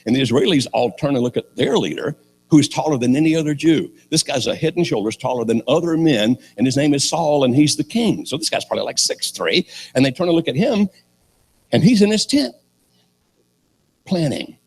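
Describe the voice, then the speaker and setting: An older man preaches a sermon in an animated, storytelling way, with sarcastic humor. His voice is gravelly and husky, and his pitch swings widely. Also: fairly quick.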